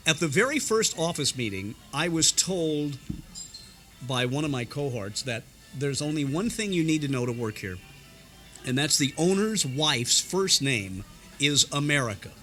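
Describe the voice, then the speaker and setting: A man's voice: fairly high pitch, very animated, unhurried, sharp tone, soft background music. An older man from Indiana, a veteran radio broadcaster, telling anecdotes in a restaurant and mimicking voices and sound effects. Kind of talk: anecdotal storytelling.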